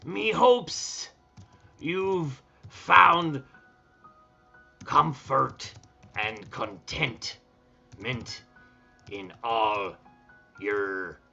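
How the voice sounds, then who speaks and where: A man's voice: medium pitch, vocal fry, sharp tone, faint music behind, heavily acted. A man putting on a swaggering old pirate. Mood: mock-gallant. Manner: slow drawn-out dictation, growled yars. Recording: dull lo-fi stream audio.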